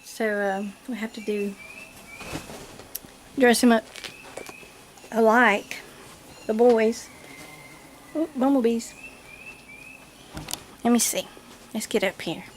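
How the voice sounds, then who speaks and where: High-voiced woman gushing slowly. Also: fairly even intonation, a little hiss or hum. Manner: gushing, giggly, talks to viewers and the doll. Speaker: doll collector vlogger. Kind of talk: casual unboxing vlog. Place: home nursery. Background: birds chirping.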